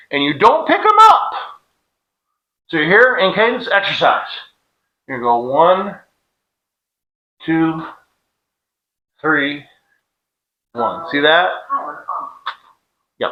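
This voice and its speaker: A man's voice: fairly high pitch, sharp tone, poor audio. A middle-aged man leading a workout drill in a casual, joking way, calling out cadence counts with a clip-on mic. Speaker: fitness instructor. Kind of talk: demonstrating an exercise drill.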